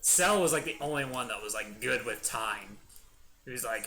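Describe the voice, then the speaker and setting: A man's voice: mid-range voice, expressive, moderate pace, bright, forceful tone. A young man hosting a gaming video, chatting enthusiastically in a rambling let's-play commentary. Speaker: gaming channel host.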